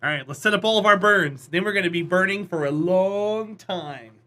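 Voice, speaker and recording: Man, game streamer, casual live chat, encouraging, high voice, bright tone. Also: normal speed. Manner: chatty, encouraging, talks to viewers.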